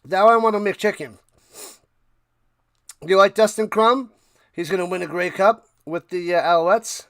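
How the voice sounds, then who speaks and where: High-voiced, slow-talking man calling a game on stream. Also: steady tone, fairly bright tone, dry recording, studio quality. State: coughing, clearing throat. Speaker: live stream host doing play-by-play. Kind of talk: casual live play-by-play and chat.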